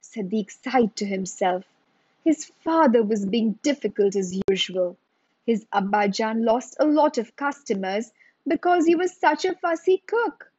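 A woman slowly reading a children's story aloud in a measured storytelling manner. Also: fairly high pitch, lively intonation, darkish tone, slightly rough, no echo, highs cut off.

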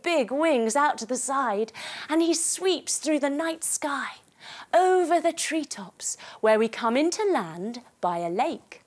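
A woman telling a story as a yoga teacher for children, playful and animated while she gives gentle instructions. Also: high-pitched, takes it slowly.

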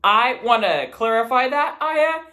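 A young man chatting to camera in a casual vlog, animated and self-deprecating. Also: very high-pitched, measured pace. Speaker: YouTuber.

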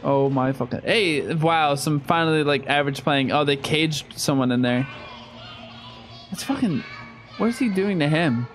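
A man's voice: on the high side, moderate pace, soft background music. A young man commenting live on a horror game he is playing, swearing often and reacting in sudden outbursts. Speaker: streamer.

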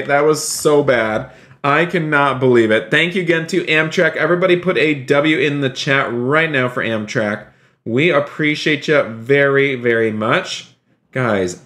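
Excitable bright-voiced male streamer. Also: a little slow. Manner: excitable and gushing, often jumping into high squeals. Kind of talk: live-stream role-play commentary.

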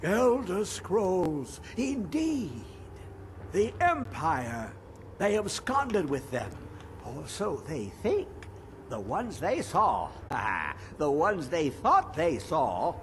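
A rambling, half-mad old hermit scholar from a fantasy video game, his high voice swooping up and down as he drawls out riddles. He drifts between grand pronouncements and hushed whispers, always cryptic. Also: wildly swooping pitch, very slow, a little hiss or hum, full character voice. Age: older.

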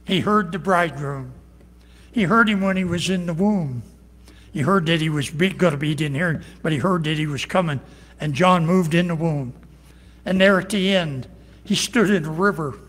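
Homespun preacher, fairly high male voice, earnest folksy sermon in a big echoing church. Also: normal speed, a bit bright. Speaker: pastor. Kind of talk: evening worship sermon and closing prayer. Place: church sanctuary. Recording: long reverb of a large hall.

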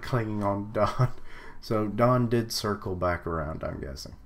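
A man's voice: lowish voice, a little slow. A young man reading manga panels aloud and commenting in a casual live reaction, with frequent fillers and little laughs.

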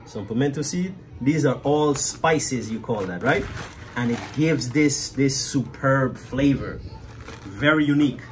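A man's voice: medium pitch, expressive, unhurried, a little hiss or hum. Chatty Guyanese man cooking. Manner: chatty, often tags "right?". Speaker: cook and cafe owner. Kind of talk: casual cooking demonstration.

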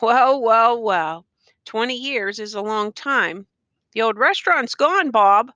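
A woman's voice: a little high, expressive, slow, pushed and bright, no room sound, heavily acted. A woman voicing a boastful man from the West, waiting for an old friend, hearty and bragging.

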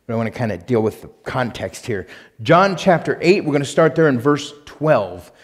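A male pastor preaching a sermon and reading scripture aloud, emphatic, swinging between loud punched lines and quiet asides. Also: mid-range voice, very animated, moderate pace, in a large hall. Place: church sanctuary.

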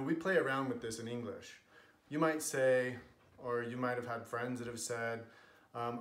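A man's voice: mid-range voice, roomy sound. A man with an American accent explaining language points in a casual, earnest, chatty way, with many fillers. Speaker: language vlogger.

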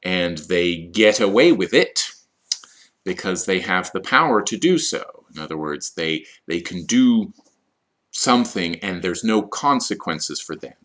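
Low-voiced guy explaining vocab slowly for esl learners, goes over words again. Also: lively intonation, a bit bright. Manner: slow, explanatory, repeats key words. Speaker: ESL teacher. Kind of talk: vocabulary lesson.

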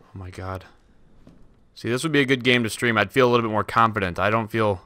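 A man's voice: lowish voice, fast, bright, forceful tone, smooth. Jittery swearing man playing a horror game. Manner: jittery, swearing, talks to himself while playing. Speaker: let's play gamer.

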